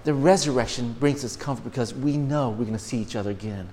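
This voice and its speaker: A man's voice: medium pitch, fast, big-room sound, slight background noise. Earnest, stammering male preacher. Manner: earnest, repeats words and restarts often; rises to loud, emphatic bursts. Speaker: pastor. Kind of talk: sermon.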